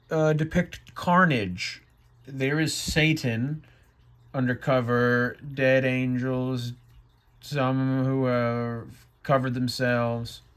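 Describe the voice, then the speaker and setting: A man's voice: medium pitch, smooth. A man giving comedic, wry commentary on his own old comic. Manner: amused, wry, drawn-out asides. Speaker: vlogger.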